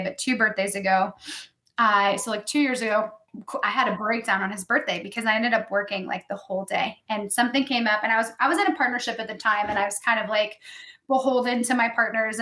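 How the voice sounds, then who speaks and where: Candid woman in her thirties, slightly high voice. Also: bright, forceful tone. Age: 30s. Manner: candid storytelling, heavy use of "like". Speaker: podcast guest. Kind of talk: casual podcast interview. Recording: echoey room.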